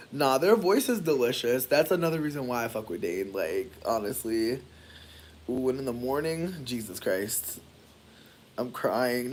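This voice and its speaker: A Michigan livestreamer does his hair while chatting casually with viewers, playful and profane, suddenly jumping into high squeals. There's a little hiss or hum on the recording.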